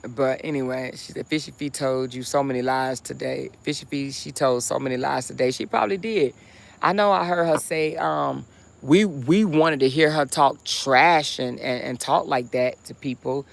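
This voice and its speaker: A woman's voice: very deep voice, moderate pace, vocal fry. A woman hosting a casual livestream, talking bluntly and heatedly with chatty asides. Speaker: livestream host.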